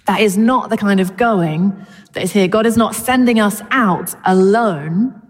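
A woman's voice: mid-range voice, a little slow, in a large hall. A woman preaching a sermon in a church, chatty and informal with touches of humour. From Britain.

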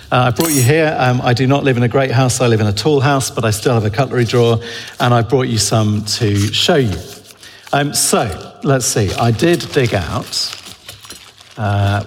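A man preaching a sermon in a church, conversational and unhurried, with frequent ums and restarts. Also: medium pitch, slight background noise. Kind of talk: sermon with props. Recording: long church reverb.

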